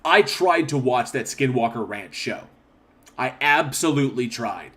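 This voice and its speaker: A man's voice: mid-range voice, expressive, unhurried, fairly bright tone. Rambling man hosting a livestream. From northern Oklahoma. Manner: rambling, restarts, reads chat aloud. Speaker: livestream host. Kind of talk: casual livestream chat reading comments.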